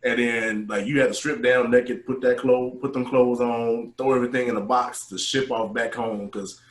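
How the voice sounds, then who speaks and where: A man co-hosting a casual podcast, telling profane boot camp stories and loudly acting out the voices of the people in them. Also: medium pitch, moderate pace. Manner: profane, animated, acts out quotes loudly. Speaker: podcast co-host, navy veteran. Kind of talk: casual storytelling chat. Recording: echoey room.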